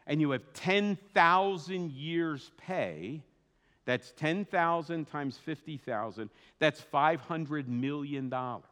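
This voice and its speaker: A man preaching a sermon as a pastor, in a conversational, animated way with asides. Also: fairly high pitch, slow, big-room sound. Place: church sanctuary.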